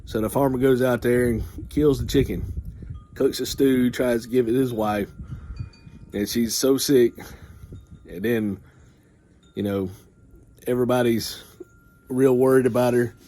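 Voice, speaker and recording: A man casually retelling a folksy farm story in a rambling way, often clearing his throat. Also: medium pitch, fairly even intonation, measured pace, pauses often, warm tone.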